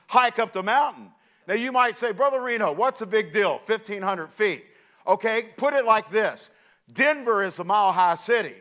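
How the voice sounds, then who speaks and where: Male preacher, middle-aged, high-pitched, animated storyteller who acts out voices. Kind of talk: sermon illustration.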